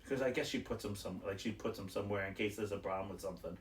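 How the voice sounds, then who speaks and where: A man's voice: fairly low pitch, very fast, reverberant, recorded from a distance. A man hosting a podcast, chatting casually and acting out clerks as he tells a story. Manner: animated storyteller, acts out store clerks, swears casually. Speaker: podcast host. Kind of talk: casual chat.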